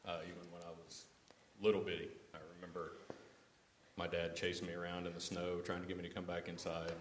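Congregant man, deep voice, terse casual answers, noisy room. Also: monotone, fairly quick, reverberant. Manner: brief, plainspoken answers. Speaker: congregation member. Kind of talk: casual testimony. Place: church sanctuary.

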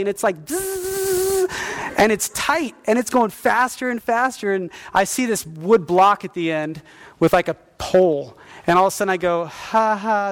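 A middle-aged man preaching a sermon as pastor, telling stories with lively acted-out quotes. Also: high-pitched. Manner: animated storytelling with acted-out quotes.

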